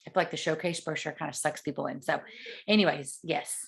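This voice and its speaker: A woman's voice: sits low, fairly even intonation, quick pace, creaky, slightly rough. A woman giving sales tips in a casual coaching talk, chatty and acting out the conversations she quotes. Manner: chatty, acts out quoted dialogue.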